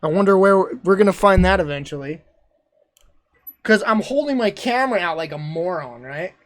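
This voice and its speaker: A man streaming casual commentary over his old travel videos, rambling and self-deprecating, quick to exclaim. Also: high-pitched, lively intonation.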